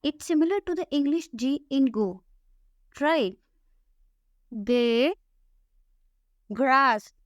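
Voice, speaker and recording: A woman teaching a language lesson, saying each letter and example word slowly and repeating them for the listener to copy. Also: high voice, lively intonation, warm tone, no echo, studio quality. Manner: slow, careful, repeats each word for practice. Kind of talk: slow scripted alphabet lesson.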